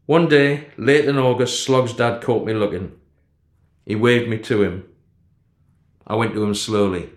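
A man's voice: measured pace, long pauses, reverberant. Man reading a story. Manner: steady, low-key first-person narration. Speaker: narrator.

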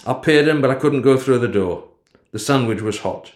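A man narrating a story in the first person in a steady, low-key way. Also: normal speed, roomy sound. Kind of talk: storybook reading.

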